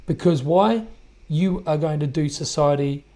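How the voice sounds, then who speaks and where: A man's voice: fairly high pitch, measured pace, warm tone. A man hosting a podcast, giving indignant, emphatic commentary on played clips and often repeating himself. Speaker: podcast host.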